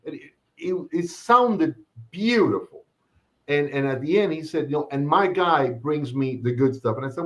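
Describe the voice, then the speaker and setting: A man co-hosting a podcast tells a story in casual chat, animatedly acting out the quoted lines. His voice has a fairly high pitch and moves at normal speed.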